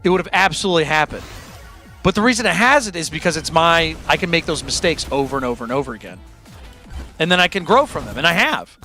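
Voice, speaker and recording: A man's voice: a little high, expressive, fast talker, sharp tone. A man hosting his own music livestream, chatting candidly and self-deprecatingly with his audience in a rambling way. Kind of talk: casual chat to a live audience.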